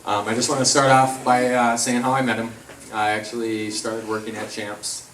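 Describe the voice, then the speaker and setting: A man's voice: mid-range voice, flat delivery, moderate pace, a bit bright, slight background noise. A man in his thirties with an Upper Midwest American accent, giving a eulogy full of funny stories about a close friend. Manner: storytelling, jokey, acts out quotes. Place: large hall at a memorial. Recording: echoey hall, mic from far off.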